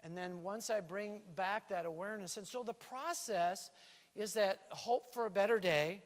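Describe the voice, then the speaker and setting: A male pastor preaching a sermon in a church, lively and playful, with a stage microphone. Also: high voice, moderate pace. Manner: lively preaching with playful put-on island lilt. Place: church sanctuary. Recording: reverberant church hall.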